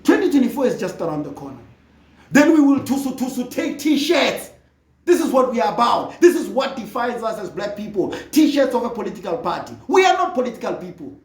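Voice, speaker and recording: A speaker from Africa, delivering an impassioned political monologue that often rises to a shout. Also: medium pitch, very animated, a little fast, roomy sound, recorded from a distance. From South Africa. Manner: fervent, often rising to a shout.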